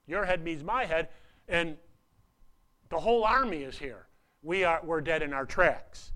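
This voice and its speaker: Pastor, male: unhurried sermon storytelling, clear resonant tone, dynamic from booming to hushed. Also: expressive. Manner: storytelling with large swings between loud and hushed.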